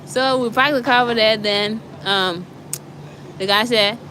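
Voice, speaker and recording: A woman's voice: a little high, unhurried, pushed and bright, slight background noise. A young woman giving a casual, chatty walkthrough of an apartment indoors. She laughs often and tells her stories with animation, filming on a handheld phone. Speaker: vlogger. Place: indoors, walking through an apartment.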